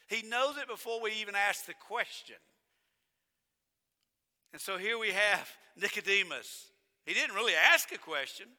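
Male preacher, bright forceful tone, stresses and repeats key words, reverberant sanctuary. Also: sits high. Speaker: pastor. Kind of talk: sermon. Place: church sanctuary. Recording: long church reverb.

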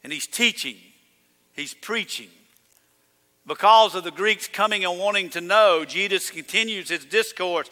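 A high-voiced pastor preaches a sermon at a measured pace, his tone bright and ringing. He speaks emphatically and builds to loud, declaring peaks, with a long church-sanctuary reverb trailing his voice.

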